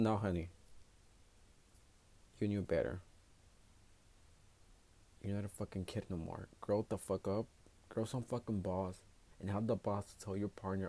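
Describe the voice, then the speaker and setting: A man's voice: lowish voice, fairly even intonation, moderate pace, gravelly, pauses often, dark tone. Blunt, foul-mouthed man. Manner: blunt, profane, switching between English and Spanish. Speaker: podcast host. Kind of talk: casual solo podcast monologue.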